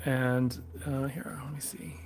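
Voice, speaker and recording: A man's voice: medium pitch, a little slow. A man hosting a sword shop livestream in a back room, chatting casually and answering viewer questions. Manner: relaxed, rambling, answers chat questions.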